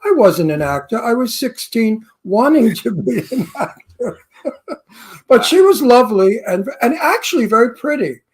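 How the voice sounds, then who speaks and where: A man's voice: very high voice, sing-song, normal speed, breathy edge. An older male co-host, telling a story in a theatrical, reminiscing way. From Brooklyn. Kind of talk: casual chat.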